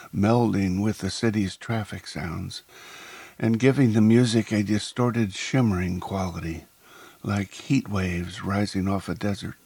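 A man narrating a first-person story in a measured, descriptive way. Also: sits low, creaky, darkish tone, slightly rough, dry recording.

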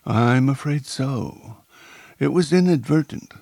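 A calculating crime boss, as a male narrator plays him, who talks in a measured, coolly polite manner. His voice is lifted above the narrator's own and has a faint huskiness. The recording is dry and close. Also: mid-range voice, gravelly, a little mellow, dry recording, pitched above the performer's own voice.

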